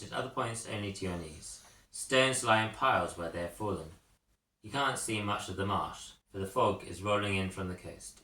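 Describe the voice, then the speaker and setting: A man narrating a second-person storybook in a measured way, with occasional coughs. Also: lowish voice, sharp tone. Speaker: audiobook narrator. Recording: roomy echo, mic at a distance.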